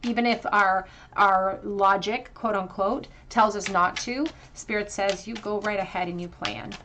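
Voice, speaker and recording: A woman giving a tarot card reading to her viewers, earnest and emotional, often pausing with fillers and restarts. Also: medium pitch, fairly even intonation, bright, forceful tone, a little hiss or hum. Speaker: tarot reader.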